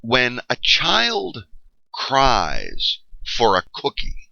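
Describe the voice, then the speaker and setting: A man's voice: low voice, bright, forceful tone, no room sound. A middle-aged man giving a history lecture, explaining step by step with frequent fillers and checks of "okay?". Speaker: history teacher. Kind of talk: classroom lecture. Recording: dull lo-fi dry recording.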